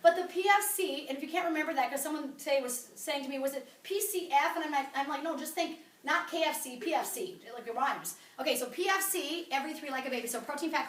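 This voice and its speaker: A woman giving an energetic, blunt wellness talk to a group in a meeting room. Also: sits high. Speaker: wellness coach presenter. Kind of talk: sales presentation to a group. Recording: roomy, from far off.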